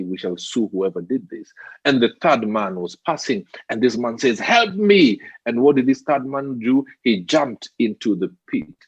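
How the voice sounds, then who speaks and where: Husky-voiced man, fervent talk show guest. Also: darkish tone, no echo, muffled recording. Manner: fervent, rises in pitch when appealing. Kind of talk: storytelling in conversation.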